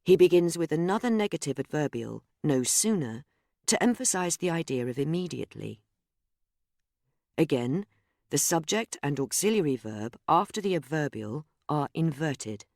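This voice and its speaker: A narrator reading a scripted grammar lesson in a measured, explanatory way, speaking example sentences aloud. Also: medium pitch, lively intonation, creaky, darkish tone, no echo, clean studio sound. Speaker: course narrator.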